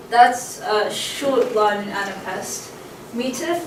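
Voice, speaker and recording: A woman's voice: a little high, normal speed, far from the mic. A woman giving a casual poetry lesson, chatty and full of ums and uhs, tapping out stress patterns aloud. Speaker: poetry teacher. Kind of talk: casual lecture. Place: room with a camcorder. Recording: echoey room, voice away from the mic, faint background hum.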